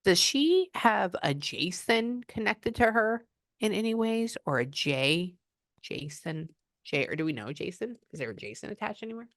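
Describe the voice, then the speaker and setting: A woman's voice: mid-range voice, big pitch swings, normal speed, a bit bright, dry recording, studio quality. A woman psychic medium giving a casual reading, thinking aloud and exclaiming often.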